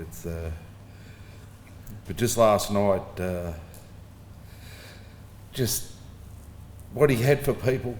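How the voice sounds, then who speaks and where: A man's voice: lowish voice, expressive, very slow, pauses often, a little mellow, slight background noise. Australian man, laid-back eulogy in echoey hall. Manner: casual storytelling, chuckling between anecdotes. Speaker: son giving a eulogy. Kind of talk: informal funeral eulogy. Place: funeral service hall. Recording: echoey hall with faint ambience.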